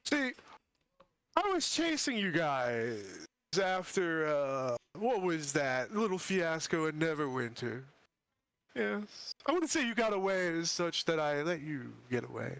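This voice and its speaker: A man's voice: a little high, sing-song, a little slow, creaky, fairly bright tone, no room sound, full character voice. A man voicing a gloating male lich villain in a tabletop game, talking in a theatrical, smug, sing-song way. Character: gloating male lich villain, oddly high after absorbing a slime.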